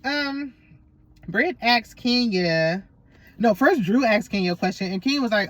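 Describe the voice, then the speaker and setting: A woman's voice: mid-range voice, sing-song, moderate pace, a bit bright, no room sound. A woman hosting a casual, opinionated reality TV recap, sassy and gossipy with lots of slang.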